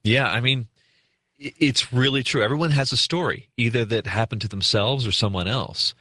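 A man hosting a call-in radio show from a makeshift studio, talking in a relaxed, conversational way. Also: medium pitch, moderate pace, no echo. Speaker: radio talk show host.

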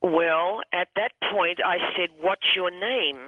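A hypnotherapist phoned in to a radio show, recounting a session in an even, middle-pitched voice. The speech stumbles and circles back on itself, repeating words before moving on. The whole thing comes through a narrow, tinny phone line. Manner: halting, with many restarts and repeated words. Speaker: hypnotherapist guest. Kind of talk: storytelling on a radio call-in. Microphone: telephone.

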